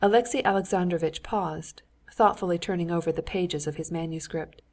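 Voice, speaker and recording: A woman narrating a classic novel as an audiobook, steady and measured. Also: on the low side. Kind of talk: scripted narration.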